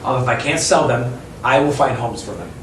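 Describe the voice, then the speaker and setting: A man who owns a bookstore, chatting casually in an interview, rambling and animated as he tells stories. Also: medium pitch, brisk, slight background noise. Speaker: bookstore owner and author. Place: inside his bookstore. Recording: echoey room, mic at a distance.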